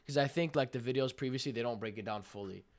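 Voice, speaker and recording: A young man giving casual, slangy commentary on a live trading stream, hyped and breaking into loud cheers. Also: mid-range voice, fast. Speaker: livestream day trader.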